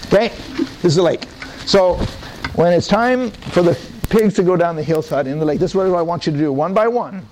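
A male pastor telling a Bible story to children during a sermon, slow and coaxing, often laughing. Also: sits high, a little mellow, slight background noise, poor audio.

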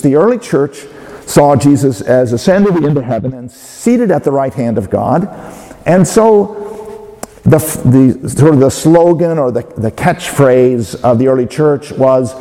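A man giving a sermon as a pastor, speaking in a measured way with hesitant fillers and restarts. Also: mid-range voice, expressive, warm tone. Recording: long hall reverb.

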